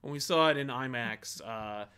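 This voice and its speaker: A man co-hosting a casual talk show, chatting in a relaxed way with plenty of filler words. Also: mid-range voice, normal speed, smooth. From New Jersey. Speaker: co-host. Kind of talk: casual chat.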